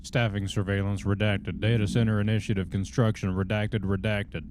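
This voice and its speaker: A man's voice: on the low side, level tone, normal speed, background noise. A man with a Southern US accent giving folksy, drawling live commentary while streaming a game. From southern United States.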